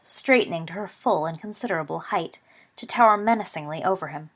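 A woman narrating a story aloud in an expressive, brisk reading. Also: on the low side, slightly rough.

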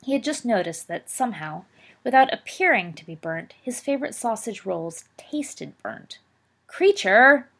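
Woman storybook narrator, expressive, slightly raspy. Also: mid-range voice, normal speed. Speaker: audiobook reader.

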